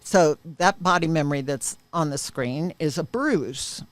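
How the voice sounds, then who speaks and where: A woman's voice: low voice, a little slow, no echo. Earnest woman telling a personal story. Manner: earnest, vivid retelling with emphatic peaks. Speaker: interviewee sharing a personal testimony.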